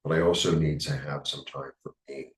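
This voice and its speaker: Deep-voiced New York man, rambling. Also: fairly even intonation, echoey room, recorded from a distance, low-quality recording. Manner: rambling, halting, many fillers. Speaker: tarot reader. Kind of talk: casual spiritual monologue.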